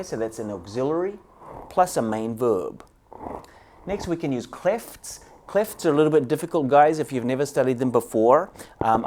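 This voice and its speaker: A man's voice: mid-range voice, darkish tone, slight background noise. A man teaching an English grammar lesson, explaining step by step and often calling his students "guys".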